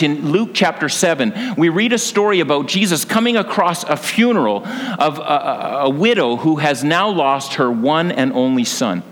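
A man's voice: a little high, a bit bright, big-room sound, slight background noise. A man preaching a sermon as pastor, earnest and building to passionate emphasis.

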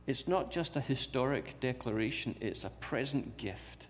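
A man's voice: medium pitch, lively intonation, normal speed, slight background noise. A man preaching a sermon in a church, repeating key phrases and asking rhetorical questions. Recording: long reverb of a large hall.

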